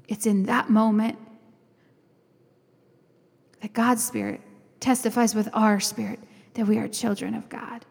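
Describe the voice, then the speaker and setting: A woman delivers an impassioned sermon in a high, bright voice. She builds through rising declarations and slows into soft, earnest prayer. A long reverb trails her words around a large hall. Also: fairly even intonation, vocal fry, husky. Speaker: preacher.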